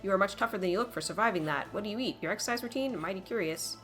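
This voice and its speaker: A woman voicing a curious, blunt swordswoman in a video game, quick and prying. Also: mid-range voice, fairly bright tone, soft background music, natural voice.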